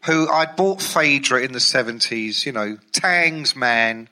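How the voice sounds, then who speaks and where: Bright-voiced man telling rock stories. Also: mid-range voice, lively intonation, a little slow. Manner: rambling, amused, many fillers and restarts. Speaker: music journalist and ghostwriter. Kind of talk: anecdotal storytelling.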